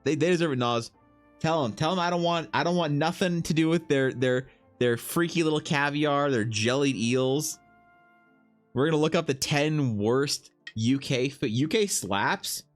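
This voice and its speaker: A man's voice: fairly high pitch, normal speed, soft background music. A man from Ukraine chatting casually on a livestream, riffing with mock outrage and plenty of swearing as he reads. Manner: animated, profane, mock-outraged riffing while reading. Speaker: streamer.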